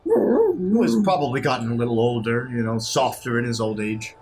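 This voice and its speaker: A man's voice: mid-range voice, sing-song, moderate pace, a little mellow, slight background noise. A man playing his character in a tabletop game, speaking earnestly with stammers. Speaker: player. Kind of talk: in-character role-play.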